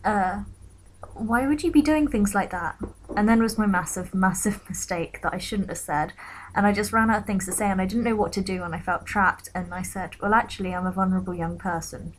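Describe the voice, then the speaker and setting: A young woman in her late teens recounting a personal story in a quiet, reflective way, sometimes dropping to a whisper. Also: medium pitch, a little fast, a little hiss or hum, low-quality recording. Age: young adult. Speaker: vlogger.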